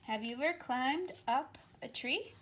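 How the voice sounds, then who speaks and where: Slow, high-voiced woman reading to children. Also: background noise. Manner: gentle, coaxing, invites children to repeat animal sounds. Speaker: teacher reading a picture book.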